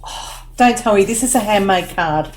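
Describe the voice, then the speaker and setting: A woman's voice: medium pitch, moderate pace, slight background noise. A woman filming a crafting unboxing vlog, gushing and tearful with lots of oohs and wows. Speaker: crafting vlogger.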